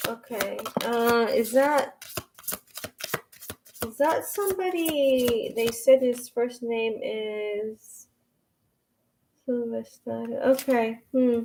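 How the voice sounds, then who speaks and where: A woman doing a live-stream tarot reading, reading chat questions aloud and answering them in a halting way, with frequent restarts. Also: on the high side, darkish tone, slight background noise, rough recording. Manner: slow and unhurried. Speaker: tarot reader.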